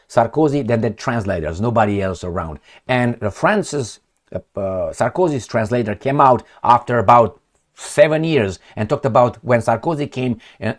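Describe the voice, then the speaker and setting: A man giving rambling, sarcastic political commentary on his own, swearing and laughing often. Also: medium pitch.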